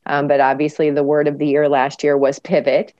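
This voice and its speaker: A woman's voice: low-pitched, monotone, fairly quick, dark tone, muffled recording. A woman researcher answering interview questions in an explanatory way, with frequent fillers. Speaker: cancer researcher guest.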